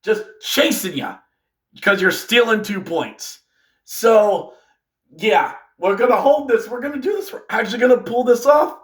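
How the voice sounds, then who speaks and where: A man hosting a casual hockey recap video, animated and joking, talking straight to fellow fans. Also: high voice, normal speed. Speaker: hockey fan video host. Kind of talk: casual game recap commentary.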